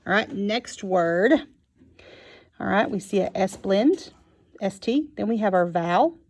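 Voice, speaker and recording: Slow-spoken woman teaching phonics. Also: mid-range voice. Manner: slow and clear, sounding out words. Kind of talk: phonics lesson for young children.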